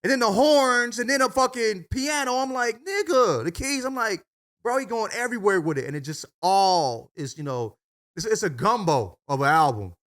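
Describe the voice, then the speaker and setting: A man's voice: high-pitched, normal speed. Casual guy cohosting a pod, voice jumps all over, cussing and rambling. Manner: animated, swearing, lots of filler. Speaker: podcast co-host. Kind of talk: casual chat.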